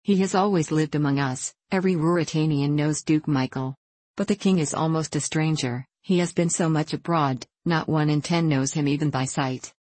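A woman reading the lines of a garrulous, stubborn old female innkeeper in a storybook, outspoken and scolding, in a low voice. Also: moderate pace, a little mellow, no room sound.

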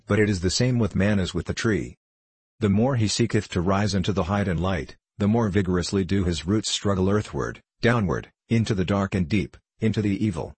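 A man reading the part of a calm, wise male prophet in a measured, unhurried way. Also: low-pitched, slightly rough, no room sound. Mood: solemn.

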